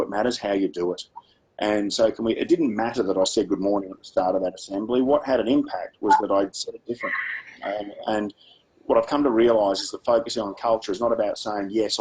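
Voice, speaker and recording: A man's voice: fairly low pitch, fast talker, a little mellow, slight background noise, poor audio. A man with an Australian accent leading a workshop for teachers, speaking in a conversational, practical way and using personal stories. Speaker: education speaker.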